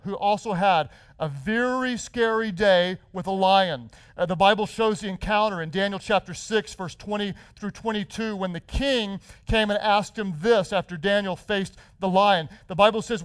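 A man's voice: high-pitched, no room sound. A middle-aged male pastor preaching a sermon, telling a story with repeated words and self-corrections, then building to a rousing, repetitive cadence.

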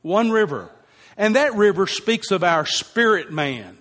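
A high-pitched man preaches to a congregation, hammering points home by saying them again and again. His voice rings out with a long reverb, as if recorded in a large church hall. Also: sing-song, measured pace, a bit bright. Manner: emphatic, repeats phrases for effect. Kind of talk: sermon.

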